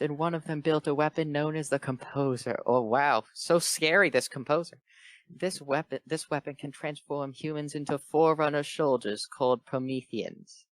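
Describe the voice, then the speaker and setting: A man reading a fanfiction aloud for a comedy show, slipping in quick character voices and breaking off to joke. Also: fairly high pitch, dry recording. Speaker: fanfiction reader. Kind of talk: comedic dramatic reading with commentary.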